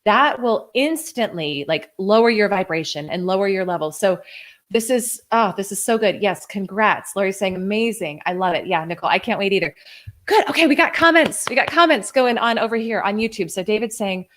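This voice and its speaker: A woman's voice: medium pitch, lively intonation, moderate pace. Woman, 30s, live-stream coaching host: effusive, gushing, chatty, peppered with "like.".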